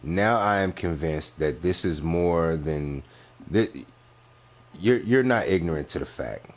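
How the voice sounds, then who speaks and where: A man's voice: deep voice, measured pace. A man hosting a reaction commentary, bluntly and mockingly picking apart a clip, repeating his points for emphasis. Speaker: commentary host reviewing clips.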